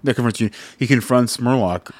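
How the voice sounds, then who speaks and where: A man's voice: mid-range voice, quick pace, dry recording. Male podcast co-host, casual, rambling, mild swearing, dry close sound. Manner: rambling with many fillers and restarts. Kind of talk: casual chat.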